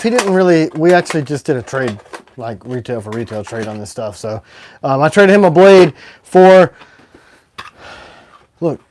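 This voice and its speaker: A man hosting a casual livestream, rambling and excitable, with sudden swings between loud and quiet. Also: fairly high pitch, no echo. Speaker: knife maker hosting a livestream.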